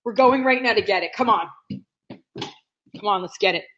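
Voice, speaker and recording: A woman reviewing candy on a livestream, animated and exaggerated as she talks straight to her viewers. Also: mid-range voice, normal speed, a little hiss or hum. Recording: dull lo-fi livestream audio.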